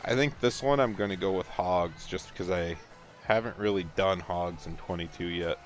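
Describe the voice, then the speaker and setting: A man's voice: low-pitched, moderate pace, soft background music. A man chatting casually and teasing viewers while streaming a farming game. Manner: relaxed, chatty, teasing chat. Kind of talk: casual gameplay livestream chat.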